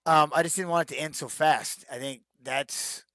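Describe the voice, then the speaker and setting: A man's voice: fairly high pitch, steady tone, normal speed, bright, forceful tone, dry recording, clean studio sound. A middle-aged man, a retired fighter, answering fan questions in a casual live-stream Q&A, rambling with many restarts and fillers.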